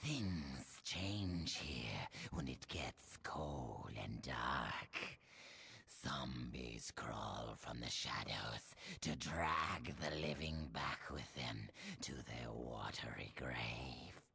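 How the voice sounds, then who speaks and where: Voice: extremely low pitch, lively intonation, drawn-out words, pushed and bright, heavily acted. An actor playing an eerie, mournful ghost in a game, who talks in whispers with odd backward phrasing. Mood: ominous. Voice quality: whispery, gravelly. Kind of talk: video game voice acting.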